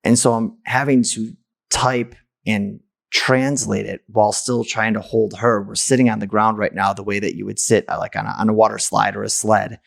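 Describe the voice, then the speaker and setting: A man's voice: lowish voice, flat delivery, moderate pace, creaky, no room sound, clean studio sound. A man from the United States, a podcast host, telling a personal story in a candid, blunt way with casual swearing.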